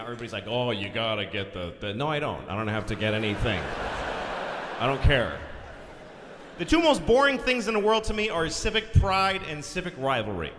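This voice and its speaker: A Boston comedian with a mid-range, fairly bright voice works a large concert hall stage, his stand-up blunt, crude and full of exasperated ranting. Audience noise comes through in this live theater recording.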